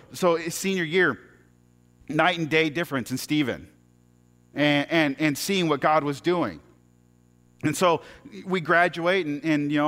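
Middle-aged guy preaching a story, kinda high voice, earnest, stumbles and restarts a lot. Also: a bit bright. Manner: earnest, halting with repeated restarts. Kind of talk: sermon storytelling.

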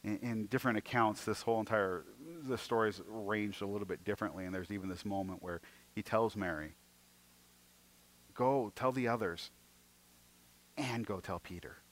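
A man preaching a sermon, retelling stories with acted-out voices and moving between emphatic passages and hushed ones. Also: lowish voice, normal speed. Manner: storytelling, acting out scenes in varied voices; swings from loud and emphatic to hushed. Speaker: pastor.

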